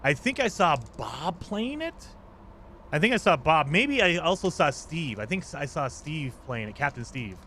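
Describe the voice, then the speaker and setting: A man's voice: fairly high pitch, big pitch swings, normal speed, pushed and bright, slight background noise. A man streaming a game, chatting casually and rambling through a rant while reading his chat. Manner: rambling, ranting, reads chat aloud.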